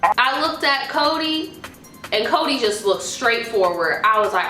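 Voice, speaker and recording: A young woman vlogger telling a story in a casual, profane, animated way. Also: fairly high pitch, a little slow. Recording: echoey room, faint music.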